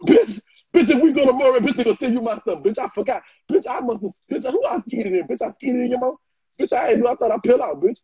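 A man doing a loud, flamboyant ranting reaction video, trading in trash talk and frequent shouting. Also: very high-pitched, quick pace, husky, no echo. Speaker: social media personality. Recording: muffled lo-fi dry recording.

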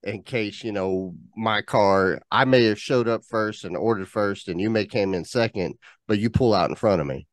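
A man's voice: on the low side, normal speed, dry recording. A man co-hosting a podcast in casual chat, laid-back and chuckling. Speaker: podcast co-host.

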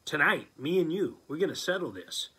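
A cocky, restless young fighter, as a storyteller impersonates him throws out short, clipped challenges in a voice pushed well above the teller's own. The tone is husky and a little breathy. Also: male voice, fairly high pitch, big pitch swings, a little fast, pushed and bright, pitched above the performer's own voice, full character voice. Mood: cocky challenging. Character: cocky hyper young martial artist man.

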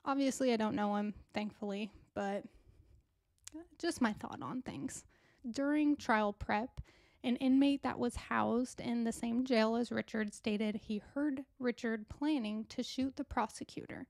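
A woman's voice: a little high, a little mellow, no echo. Female true crime podcast host, casual and talkative, dry close sound. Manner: chatty and casual, with asides to listeners.

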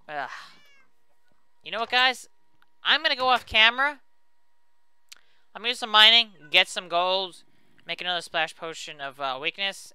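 Man, let's play host; vivid bright tone, clean and crisp delivery, chatty, self-deprecating. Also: sits high, no echo. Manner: chatty and self-mocking, talks to viewers. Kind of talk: casual let's play commentary.

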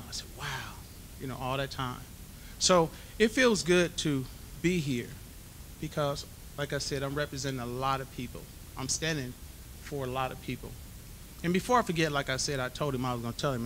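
A man delivers a hall of fame acceptance speech, telling his stories with lively acted-out dialogue. His voice is bright and forceful. A faint low rumble sits behind him. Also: moderate pace. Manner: animated storyteller acting out dialogue. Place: banquet hall.

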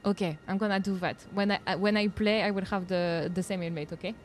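A young woman with a French accent keeps up relaxed live-stream chat while playing a video game, giggling and reacting out loud. Her medium-pitched voice stays fairly even and moves fast, with a little hiss or hum in the audio.

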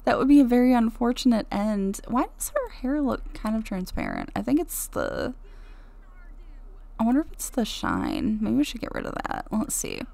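Woman, young adult, game commentary host, chatty and giggly, gravelly fry, mellow tone. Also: on the high side, huge pitch swings, moderate pace. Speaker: Let's Play host.

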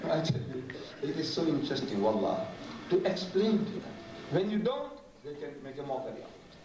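A man gives an animated, humorous public lecture and sometimes mimics other voices. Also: fairly high pitch, fairly quick. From South Africa. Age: 70s. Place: large lecture hall. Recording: echoey hall, distant mic, noisy.

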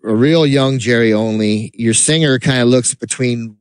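Rambling, animated man co-hosting a chat show. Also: mid-range voice, moderate pace, clean tone, no echo. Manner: rambling, animated storytelling with laughs. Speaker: podcast co-host. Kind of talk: casual chat.

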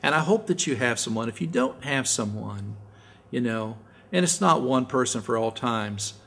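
A man preaching a sermon in a church, earnest and plain-spoken, often repeating a word as he restarts. His voice sits at a middle pitch, and at times he drops almost to a hush. A faint hum sits under the recording. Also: expressive, normal speed, gravelly. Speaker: pastor. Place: church sanctuary.

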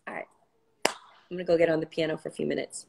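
A woman's voice: deep voice, little pitch movement, very fast, gravelly, noisy background. A woman, a singer hosting her own livestream, chatting casually and playfully between songs, swearing and laughing easily.

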